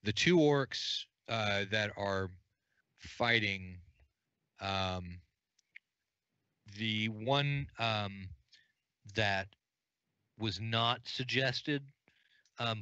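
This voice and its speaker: A man running an unscripted tabletop game as game master, narrating in a plain, halting way with lots of fillers. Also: fairly low pitch, bright, forceful tone, clear, resonant tone, no echo, lo-fi sound.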